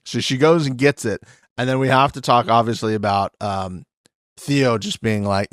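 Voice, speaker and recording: A man co-hosting a casual reality-TV recap podcast, animated and acting out quotes in little put-on voices. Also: mid-range voice, moderate pace, no echo, studio quality. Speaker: podcast co-host.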